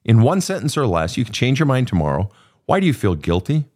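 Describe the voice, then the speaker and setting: A man in a confrontational coaching session, swearing freely and pressing hard with repeated questions. His pitch swings widely from line to line, with a middle-range voice. He talks bluntly and keeps pushing for answers. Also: sing-song, quick pace, darkish tone. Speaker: host.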